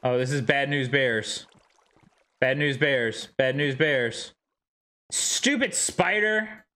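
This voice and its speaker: A man streaming a game live, talking to himself and his chat, quick to yelp and shout at enemies. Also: medium pitch, steady tone. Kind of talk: live gameplay commentary.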